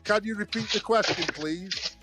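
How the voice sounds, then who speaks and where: High-voiced joking British man. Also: normal speed, over loud music. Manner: jokey, laughs often. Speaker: stream guest. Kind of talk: casual banter.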